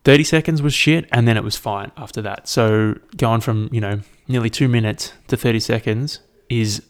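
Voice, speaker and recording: A man's voice: mid-range voice, normal speed. A young man, rambling and swearing casually as he hosts a solo podcast. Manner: rambling, sweary, self-deprecating. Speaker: podcast host.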